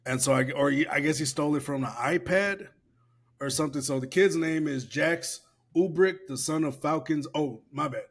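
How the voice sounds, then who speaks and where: A man's voice: fairly high pitch, moderate pace. Laid-back profane podcast guy. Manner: loose, profane, laughing while reading aloud. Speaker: podcast co-host. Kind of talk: casual podcast chat.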